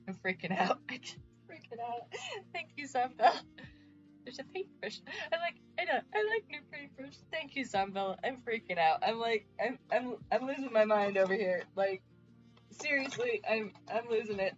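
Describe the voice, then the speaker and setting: An excited woman streamer talks to her chat in a high-pitched voice, tripping over her words and piling up exclamations. The audio is a bit muffled, with faint music playing underneath. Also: normal speed. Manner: excited, stammering, repeated exclamations. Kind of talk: live stream chat with viewers.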